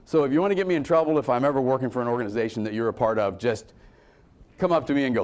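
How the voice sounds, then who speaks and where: A man giving a motivational conference talk to a room, swinging between loud emphasis and low asides. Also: animated, fast talker. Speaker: conference speaker.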